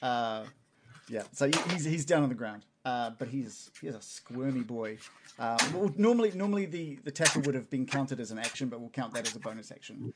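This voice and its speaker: A man running a tabletop game as game master, relaxed, with lots of um and uh. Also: mid-range voice, brisk, very noisy. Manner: relaxed, many fillers, animated.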